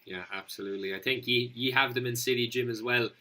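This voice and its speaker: A man hosting a relaxed podcast interview. His tone is very bright and clear-edged. He agrees readily and moves the talk along with open questions. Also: medium pitch, fast, rough recording. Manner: agreeable, laughs easily, asks open questions. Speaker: podcast host.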